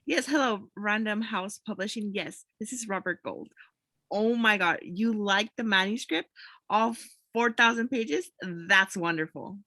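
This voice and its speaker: A woman voicing an excitable young male novelist who gushes, in an amateur comedic audio drama. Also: mid-range voice, measured pace, no echo. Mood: gushing. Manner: gushing, excitable.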